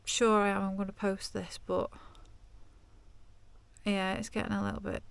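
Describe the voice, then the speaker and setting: A woman's voice: medium pitch, little pitch movement, normal speed, gravelly, clear, resonant tone. A woman talking candidly and chattily to camera in a casual vlog from inside her van. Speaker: vlogger.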